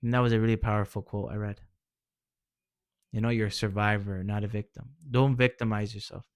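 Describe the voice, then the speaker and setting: A man's voice: fairly low pitch, flat delivery, a little fast, clean tone, dry recording. Regular guy talking real casual, keeps saying man and bro, earnest encouraging tone, dry close sound. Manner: informal, peppers speech with "man" and "bro". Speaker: vlogger sharing personal experience. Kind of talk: casual heartfelt advice talk.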